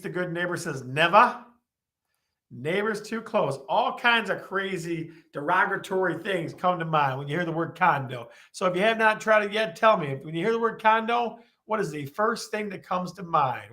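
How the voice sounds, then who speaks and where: A man's voice: high-pitched, bright, forceful tone. A man hosting a live-streamed real estate show, talking with lots of energy and repeating his questions to the viewers.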